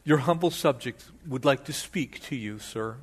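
A man voicing an ancient lawyer who heaps over-the-top flattery on a governor. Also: mid-range voice, moderate pace, breathy edge, close to an everyday voice. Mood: fawning.

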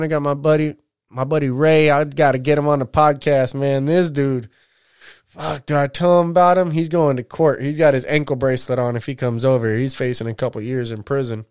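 A man with a smooth, resonant voice rambles through a casual solo podcast. He is loose and profane and tells stories with plenty of slang. The sound is dry and close to the mic, with no room around it. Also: medium pitch, dry recording. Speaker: podcast host.

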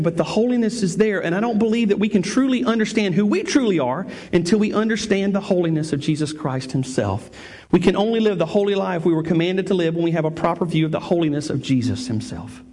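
A man's voice: high voice, a little mellow. A man preaching a sermon as pastor, earnest, often restarting phrases and repeating words for emphasis.

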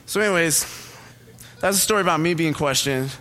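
A man's voice: on the high side, fairly quick, pushed and bright, a little hiss or hum. A young man preaching a casual sermon in a church, chatty and self-deprecating, telling a story about himself. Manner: chatty, self-deprecating, laughs at own jokes. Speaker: pastor. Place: church auditorium.

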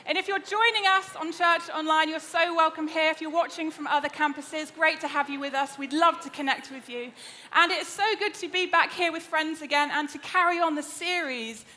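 A woman preaching a lively, chatty sermon in a church, joking with the congregation. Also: sits high. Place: church auditorium.

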